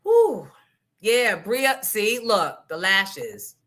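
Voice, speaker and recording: Brief: woman host, casual chat, bright and forceful tone, candid and salty. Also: mid-range voice, wildly swooping pitch, very slow. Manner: candid, profane storytelling with asides to the audience.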